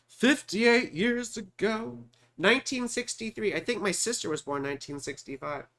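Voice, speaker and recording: Chatty high-voiced man in his forties. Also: animated, moderate pace, a bit bright. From California. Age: 40s. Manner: rambling, chatty, talks to viewers by name, mutters while searching. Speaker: astrologer hosting live chart readings. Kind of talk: casual live-stream chat.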